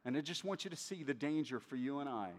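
A man's voice: medium pitch, lively intonation, fast. A middle-aged man preaching a sermon as pastor, earnest and conversational, often restarting his phrases. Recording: long hall reverb.

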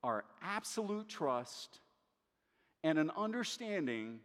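Earnest preacher in a reverberant hall. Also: male voice, a little high, sing-song, slow pace. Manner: earnest, conversational preaching with frequent restarts. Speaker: pastor. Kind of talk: sermon.

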